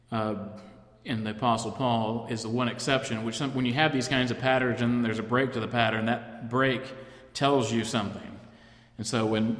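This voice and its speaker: A man gives an informal Bible class lecture, speaking in a thoughtful, halting way and restarting his phrases as he goes. His voice carries a roomy echo with a long reverb tail. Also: medium pitch, fairly bright tone. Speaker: Bible study teacher. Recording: echoey room with long reverb.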